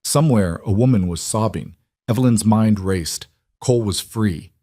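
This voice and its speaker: A man narrating a western story in a measured, dramatic way. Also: lowish voice, mellow, no echo. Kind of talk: scripted narration.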